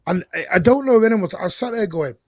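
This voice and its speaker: A blunt, lively man holds forth on a football panel show. His voice sits high for a man. The sound is dry and close, with no room around it. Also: fast talker, dry recording. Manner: blunt, animated, laughs while talking. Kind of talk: casual panel chat.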